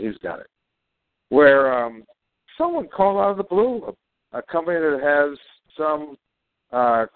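Chatty laughing man on a tinny line. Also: mid-range voice. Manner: chatty, laughing, rambling with fillers. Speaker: co-host and company chairman. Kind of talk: casual live call broadcast. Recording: tinny phone-like dry sound.

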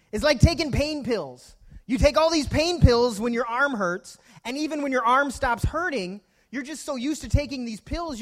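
A pastor delivering a sermon from the pulpit. He is a man with a very high voice, and he works homely stories and direct questions to his listeners into his preaching. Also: a bit bright.

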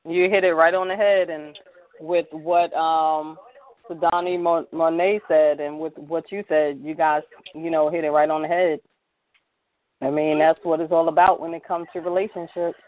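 Call-in show host, mid-pitched, encouraging and affirming, heard over a thin phone line. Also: little pitch movement, normal speed, no echo. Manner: affirming, frequent agreeing interjections. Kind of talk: call-in talk show hosting.

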